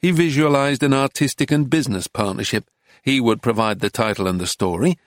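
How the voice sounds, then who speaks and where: A man reading an audiobook in a measured, understated, dry manner. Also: mid-range voice, no room sound. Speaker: narrator. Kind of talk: scripted audiobook narration.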